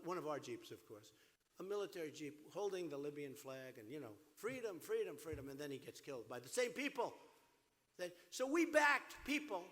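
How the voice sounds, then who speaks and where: Forceful, lively man at a rally. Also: sits high. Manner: emphatic, repetitive, rambling asides. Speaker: presidential candidate. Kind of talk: campaign rally speech. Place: large rally venue. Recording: echoey hall with PA reverb.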